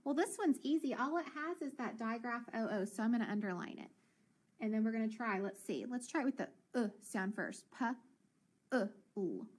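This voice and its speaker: A woman teacher leading a children's phonics lesson, encouraging and sounding out words slowly. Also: on the high side.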